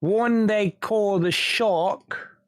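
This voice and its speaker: A man's voice: high voice, extremely slow, no echo, pitched above the performer's own voice. A man voicing a dogged investigator in a British gangster manner with a Cockney accent. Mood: probing. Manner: blunt, probing questions.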